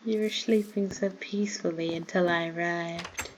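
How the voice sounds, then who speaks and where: A woman's voice: fairly low pitch, steady tone, moderate pace, slight background noise, poor audio. A woman from the American South chatting in a rambling way while playing a game, easily startled. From Southern United States. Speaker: gamer. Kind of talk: casual Minecraft commentary.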